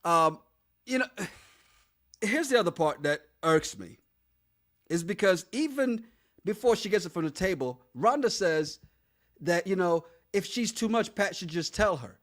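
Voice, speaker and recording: High, lively man cracking up on a podcast. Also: unhurried, long pauses. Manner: laughs often, reads out listener comments. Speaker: podcast co-host. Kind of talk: casual chat.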